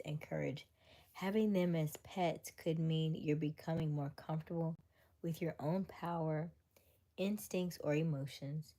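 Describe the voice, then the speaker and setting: Low, warm-voiced woman livestreaming late. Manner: laughs often, drops into whispers; reads answers aloud to viewers. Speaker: livestream host. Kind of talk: casual late-night livestream chat.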